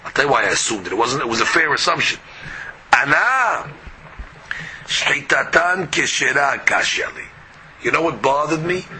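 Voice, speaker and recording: Male Talmud teacher, lively swooping delivery, debating himself with rhetorical questions. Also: a little high, a little hiss or hum, rough recording. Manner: argues both sides with rhetorical questions. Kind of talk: animated Talmud class.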